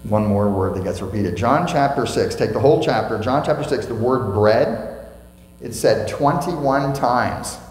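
A man's voice: mid-range voice, animated, unhurried, a little mellow. A man preaching a sermon as pastor, emphatic, asking the congregation questions and repeating key phrases. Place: church sanctuary. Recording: echoey church hall with faint mains hum.

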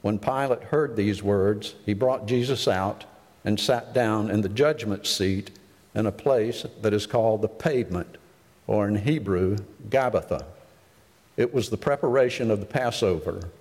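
A man reading scripture aloud as a lector, in a formal, measured way, in a reverberant hall. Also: on the low side, darkish tone.

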